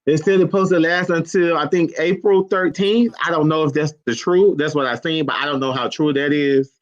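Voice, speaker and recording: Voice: medium pitch, steady tone, fairly quick, dull audio. A live-stream host, chatting casually and loosely, calling guests baby and girl. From Georgia, USA.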